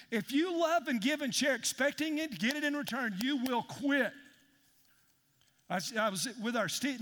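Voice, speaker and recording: A man's voice: sits high, fairly bright tone. A man preaching a sermon as pastor, emphatic and calling out to his congregation. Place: large church hall. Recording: long hall reverb in a church.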